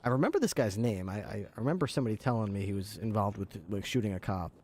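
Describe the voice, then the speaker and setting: A man chatting casually while streaming a police role-play game, joking and thinking out loud. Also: on the low side, lively intonation, rapid-fire. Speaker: streamer playing a police officer. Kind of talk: casual chat while gaming.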